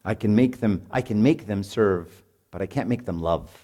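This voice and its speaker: A man's voice: lowish voice, moderate pace, warm tone. A middle-aged man, giving an informal, conversational sermon to parents and often asking "right?". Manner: informal, peppered with "right?", acts out parents and kids. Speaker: speaker at a marriage retreat.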